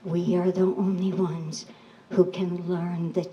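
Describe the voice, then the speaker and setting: Slow, dramatic woman storyteller. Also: on the low side, flat delivery, noisy background. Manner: slow, dramatic, drops to a whisper. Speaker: storyteller at a rally. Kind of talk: oral storytelling, fable.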